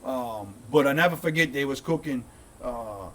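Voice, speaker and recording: A man's voice: mid-range voice, lively intonation, normal speed, pushed and bright, far from the mic. A middle-aged man telling a long story. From St. Bernard Parish, Louisiana. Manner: rambling, repeats words, says "dude" often. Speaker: guest, content creator. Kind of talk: casual storytelling.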